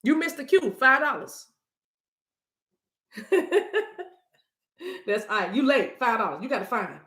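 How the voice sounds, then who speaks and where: A woman's voice: fairly high pitch, sing-song, unhurried, bright, forceful tone, echoey room. A woman reading cards on a livestream, talking casually and playfully to her viewers and breaking into song now and then. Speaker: livestream card reader.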